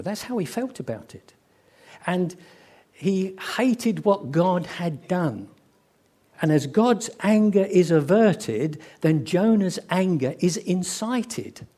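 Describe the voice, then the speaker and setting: A man preaching a sermon, telling stories and acting out the quoted voices. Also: high-pitched. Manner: animated storyteller who acts out quoted voices. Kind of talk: sermon with storytelling.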